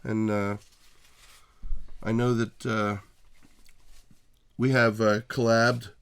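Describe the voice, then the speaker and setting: Halting, dry-witted guest man. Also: on the low side, flat delivery, smooth. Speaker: podcast guest, brewer. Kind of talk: casual chat. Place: record garage.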